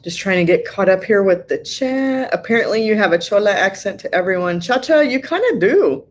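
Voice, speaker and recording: Reading comments aloud on her live stream, a middle-aged woman from Southern California chats in an animated, mid-range voice. She laughs frequently and leans on plenty of ums to fill the gaps.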